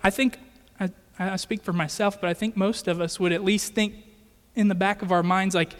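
A man's voice: high voice, fairly even intonation, moderate pace, fairly bright tone, big-room sound. A man preaching a sermon in an earnest, conversational way, often checking in with his listeners. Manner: earnest, conversational with rhetorical "right?".

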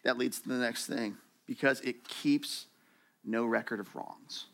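Animated bright-voiced man preaching. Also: medium pitch, measured pace, vocal fry. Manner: conversational, animated, acts out quoted voices. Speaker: pastor. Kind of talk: sermon.

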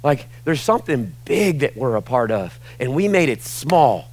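A man's voice: medium pitch, big pitch swings, normal speed, hardly any pauses, no room sound. A pastor in his forties preaching a sermon to his congregation in a casual, conversational way, often saying "like" and "y'all". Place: church sanctuary with a congregation.

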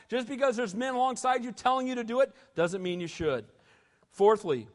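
A man preaching a sermon as pastor, emphatic and animated, calling out "amen?" to the congregation. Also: high voice, long reverb tail. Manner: emphatic preaching, rising to loud bursts, asking "amen?".

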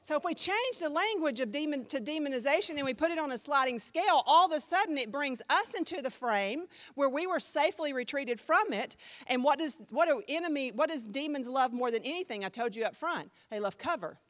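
Lively high-voiced woman pastor preaching. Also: fairly quick, few pauses. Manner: emphatic, conversational preaching with sudden jumps in volume. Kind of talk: sermon teaching.

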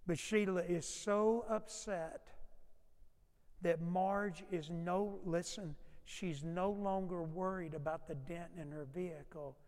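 A male pastor preaching a sermon, moving from loud urgent passages to low hushed asides. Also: fairly even intonation, takes it slowly. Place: church sanctuary. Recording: long hall reverb.

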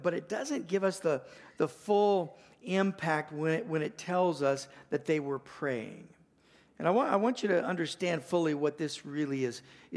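An older man, a pastor, preaching a sermon with folksy stories, rising louder and higher to stress his points. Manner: animated, rising in pitch and volume to stress points; folksy storytelling with restarts.

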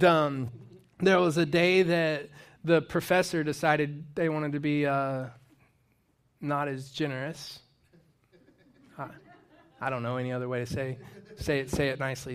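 A young man giving a casual, conversational sermon, telling personal stories and lifting his voice for emphasis. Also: a little high. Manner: conversational, storytelling, rising with emphasis. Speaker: preacher.

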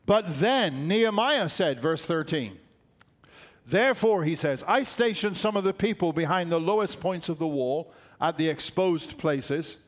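An older man preaching a sermon, emphatic and repeating his key phrases. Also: high voice. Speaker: pastor.

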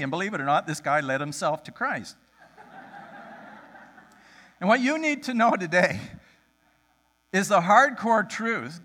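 A male pastor giving a sermon, telling a story with lively storytelling and acting out the voices of the people in it. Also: high-pitched, moderate pace, long pauses.

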